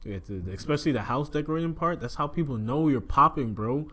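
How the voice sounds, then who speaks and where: A man's voice: a little high, lively intonation, fast talker, a bit bright. A man co-hosting a casual podcast, teasing his friends in slang and mimicking them. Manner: teasing, slangy, mocking impressions. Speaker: podcast co-host. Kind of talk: casual banter.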